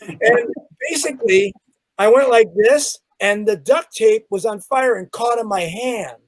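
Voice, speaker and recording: A man's voice: sits high, unhurried, dry recording, poor audio. A man, a magician guest, telling a story in a casual chat and acting out the sounds and the people in it. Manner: animated, acts out sounds and quotes.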